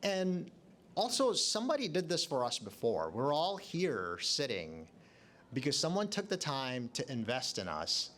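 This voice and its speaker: A middle-aged man answering a question on a panel, earnest and speaking up in a loud projecting voice. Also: mid-range voice, huge pitch swings, measured pace. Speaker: hospital leader on a panel. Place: event arena.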